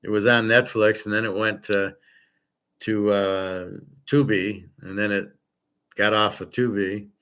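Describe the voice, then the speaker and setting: A man's voice: on the low side, fairly even intonation, measured pace, fairly bright tone, clean tone. A man hosting a livestream, chatting casually and answering viewers' questions in a blunt, opinionated, wandering way. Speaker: livestream host answering chat. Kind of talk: casual rambling chat.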